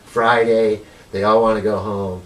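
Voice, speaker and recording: A man with a fairly low voice recalls his own life story in a loose, rambling way, dotting it with "you know" and acting out old conversations. He sits a little away from the microphone, and a faint hiss runs under his words. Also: level tone, unhurried, far from the mic, poor audio. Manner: rambling, full of "you know" and retold dialogue. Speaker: formerly homeless interviewee. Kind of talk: personal storytelling in an interview.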